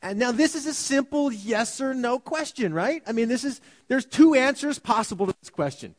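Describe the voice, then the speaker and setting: A male pastor giving a sermon, talking casually and animatedly, often dropping to a hushed voice. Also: very high voice, moderate pace, in a large hall. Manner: animated, conversational preaching with sudden quiet drops. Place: church sanctuary.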